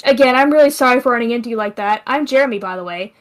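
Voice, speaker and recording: A woman's voice: on the high side, racing, lightly acted. A flustered young tomcat, as a woman reads him. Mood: apologetic. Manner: fumbling, over-apologetic. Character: flustered, apologetic young male cat.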